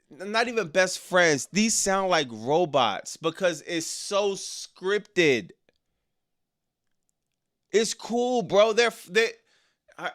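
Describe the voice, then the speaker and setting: A man with a high, bright voice rants to his stream chat in loose slang. He sounds exasperated and mocking. His sound is smooth and clear. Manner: exasperated, slangy, mocks lines in exaggerated voices. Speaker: wrestling commentary streamer. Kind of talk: casual reaction stream.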